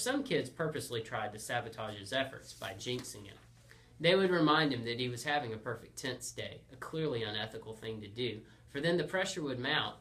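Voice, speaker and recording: Bright-voiced man narrating a comic story. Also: mid-range voice. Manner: playful, deadpan comic delivery. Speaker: storyteller host.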